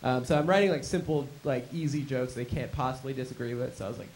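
Man, stand-up comic, rambling storyteller, higher pitch, faint hiss behind. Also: fast talker. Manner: rambling storytelling, bursts into shouted mock slogans. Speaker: stand-up comedian. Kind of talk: stand-up set.

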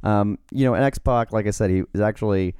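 Deep, mellow podcast man. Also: fairly quick, clear, resonant tone, no room sound, studio quality. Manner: relaxed, wry storytelling with fillers. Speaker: podcast co-host and writer. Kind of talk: casual podcast chat.

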